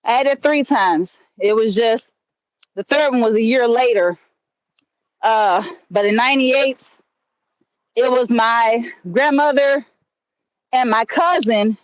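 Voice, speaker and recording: A woman's voice: on the high side, takes it slowly, long pauses, no echo. A woman telling stories on a livestream, rambling and conversational with many fillers and restarts, talking into her phone. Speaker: livestream host. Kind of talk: casual storytelling on a livestream. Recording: dull lo-fi stream audio.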